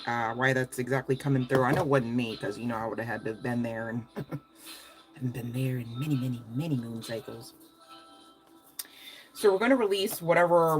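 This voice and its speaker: Woman, low voice, live-stream reading host; casual, upbeat, chatty with viewers. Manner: chatty and upbeat, laughs often, talks straight to viewers. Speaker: tarot reader hosting a live stream.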